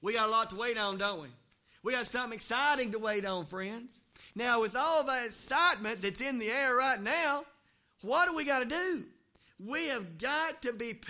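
Man, very high voice, bright and forceful, folksy pastor preaching. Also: gravelly. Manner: folksy and conversational, with joking asides. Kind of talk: sermon. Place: church, also livestreamed.

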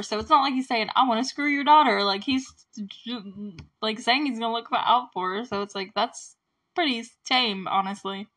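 A woman's voice: on the high side, fairly bright tone. Chatty, giggly young woman recapping a film. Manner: chatty, giggly, many "like" fillers. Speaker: movie review host. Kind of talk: casual movie recap.

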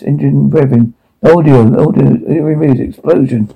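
A man reads out film sound captions one after another in a flat, matter-of-fact delivery. His voice is gravelly and husky, with a mellow, dark tone. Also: mid-range voice, moderate pace, poor audio. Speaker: audio describer.

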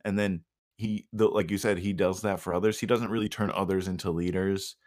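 A man's voice: sits low, fairly even intonation, fairly quick, a little mellow. A man in easygoing comedic chat, laid-back and hesitant, laughing often and trailing off with fillers.

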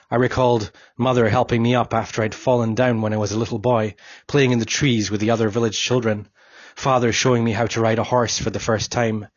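A man reads an audiobook in a solemn, measured first person. His voice is husky and sits at an average pitch. The recording is dull and lo-fi, with a dry sound. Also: no echo. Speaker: audiobook narrator. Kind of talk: scripted narration.

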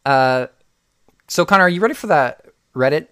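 A man's voice: a little high, lively intonation, moderate pace, bright, forceful tone, smooth, no room sound, studio quality. Young man chatting loosely on a podcast. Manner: rambling, with restarts. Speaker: podcast co-host. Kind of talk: casual chat.

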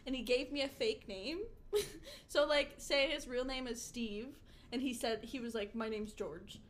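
A woman's voice: on the high side, unhurried, slight background noise. A young woman co-hosting a podcast, telling work stories in casual chat and laughing through the punchlines. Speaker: podcast co-host.

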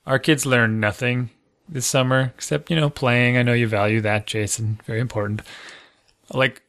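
A man's voice: medium pitch, fairly bright tone, clean tone. A man in his thirties, a podcast co-host talking casually in a rambling, self-deprecating way with frequent restarts. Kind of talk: casual chat.

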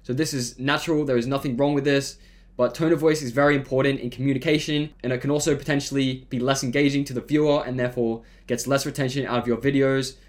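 A man hosting a podcast, giving scripted solo advice in a steady, monotone delivery. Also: mid-range voice, fast. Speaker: podcast host.

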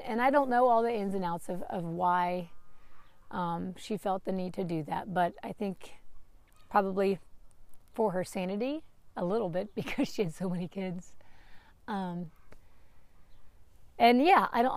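A woman's voice: mid-range voice, darkish tone, no room sound. A woman in her late thirties hosting a podcast, talking openly and emotionally in a candid personal monologue, and swearing freely. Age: 30s. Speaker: podcast host.

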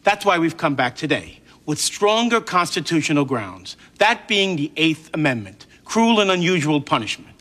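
A man's voice: on the high side, big pitch swings, normal speed, hardly any pauses, fairly bright tone. An actor playing an earnest male defense attorney pleading formally before a court.

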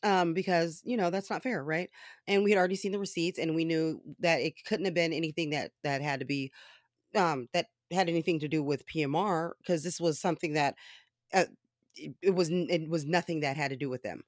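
A woman telling a story in casual commentary style, animated and often laughing, with profane asides. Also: sits low, fairly quick, no room sound, clean studio sound.

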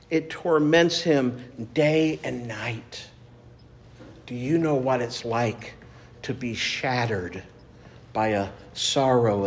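A man preaching a sermon as pastor, earnest and measured, repeating phrases for emphasis. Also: on the high side.

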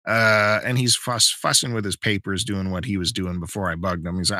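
Talking fairly quickly in a low voice, a man on his podcast chats his way through a story, animatedly playing the characters in it. The sound is studio quality with no room sound.

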